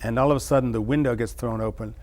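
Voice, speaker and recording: A middle-aged man, an interview guest, musing over childhood memories in a halting way, with many restarts. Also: medium pitch, steady tone, a little mellow. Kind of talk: reflective personal storytelling.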